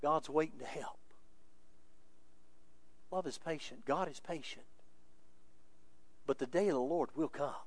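A male pastor preaching a sermon with emphasis, moving between quiet asides and raised, insistent points. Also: fairly high pitch, measured pace, pauses often, no echo.

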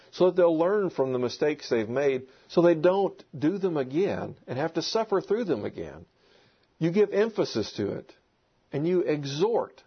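A man's voice: medium pitch, slightly rough. A man preaching a sermon to a congregation, emphatic and repeating key words. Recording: dull lo-fi recording.

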